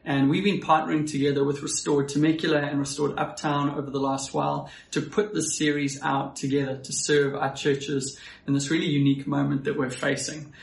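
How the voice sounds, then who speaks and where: Gravelly South African pastor preaching. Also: male voice, fairly high pitch, level tone, brisk, echoey room. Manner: friendly, self-deprecating, conversational preaching. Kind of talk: sermon.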